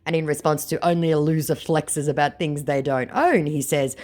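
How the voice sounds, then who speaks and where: A woman's voice: lowish voice, moderate pace, darkish tone. A woman reading out a chat exchange with a scammer and commenting on it, in a sarcastic, mocking manner. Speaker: scam baiter.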